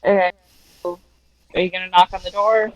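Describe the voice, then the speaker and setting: A woman's voice: fairly low pitch, flat delivery, normal speed, no room sound, muffled recording. A woman narrating as game master of a tabletop game, laughing easily.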